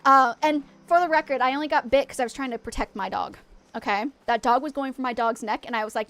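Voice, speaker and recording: A woman's voice: fairly high pitch, fast talker. A woman in her thirties chatting animatedly while streaming a game from her home office. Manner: chatty, animated, swears and laughs often. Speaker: gaming streamer. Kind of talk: casual storytelling while gaming.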